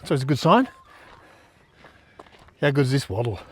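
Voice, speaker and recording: A man's voice: medium pitch, big pitch swings, normal speed, breathy edge. An Australian man vlogging casually on a riverside trail, chatting in an easygoing, rambling way with lots of fillers while he walks. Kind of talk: casual outdoor vlog chat.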